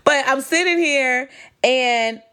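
A woman's voice: high-pitched, takes it slowly, smooth. A woman from Chicago hosting her own podcast, talking casually and animatedly to her listeners. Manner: chatty and animated, addressing listeners as "y'all". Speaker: podcast host. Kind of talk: casual solo podcast talk. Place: home.

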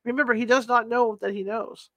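A woman voicing an excited, insistent male scholar in an audiobook reading, speaking urgently and earnestly. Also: a little high, brisk, dry recording, highs cut off, natural voice.

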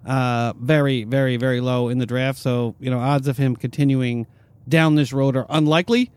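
A man hosting a sports talk show, who reads out news reports briskly and then turns to banter with his co-hosts. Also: medium pitch, steady tone, darkish tone, clean tone, no room sound. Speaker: podcast host.

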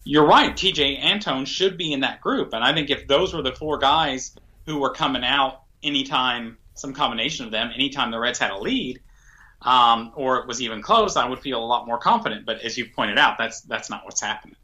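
A man's voice: medium pitch, a little fast, sharp tone. A man co-hosting a sports podcast, talking casually with dry, teasing humor. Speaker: podcast co-host.

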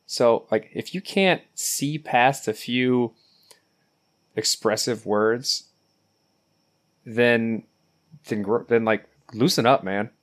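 A man's voice: medium pitch, takes it slowly, long pauses, a bit bright. A man co-hosting a casual podcast, speaking bluntly with many fillers. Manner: blunt, outspoken, filler-heavy. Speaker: podcast co-host.

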